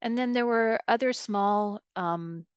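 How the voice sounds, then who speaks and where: A woman program officer giving a webinar presentation, speaking in a measured, thoughtful way with frequent fillers. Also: fairly high pitch, clean tone, no room sound, muffled recording.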